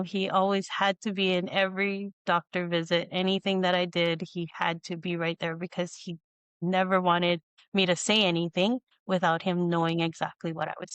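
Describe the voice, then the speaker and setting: A woman hosting a podcast, telling a personal story in a casual, animated way and acting out the dialogue. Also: lowish voice, clean tone, dry recording. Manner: animated, acts out quoted dialogue with lots of "you know". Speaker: podcast host.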